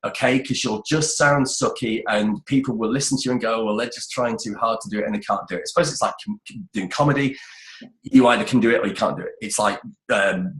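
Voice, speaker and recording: A man's voice: medium pitch, fairly bright tone. A middle-aged British man giving voice-over career advice in a casual, chatty interview, often restarting phrases. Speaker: voice-over expert guest. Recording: roomy echoey sound.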